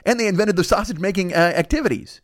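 A man's voice: fast, no echo, studio quality. A man hosting a comedy podcast, rambling through a profane comic riff and jumping into character voices. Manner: rambling, heavy swearing, acts out characters with jumps in pitch. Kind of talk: profane comic riffing monologue.

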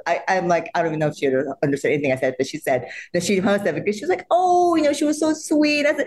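An actress telling stories in an interview, acting out quotes in a high excited voice and laughing often. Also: female voice, fairly quick, hardly any pauses. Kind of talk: animated interview storytelling.

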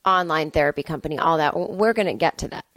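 A woman with a low, hoarse, strained voice, hosting a podcast in a casual, rambling way. She drifts between chat and an ad read and slips into cooing baby talk. The recording is dry and close. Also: fast talker, fairly bright tone, no room sound. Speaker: podcast host. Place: sister's home, indoors.

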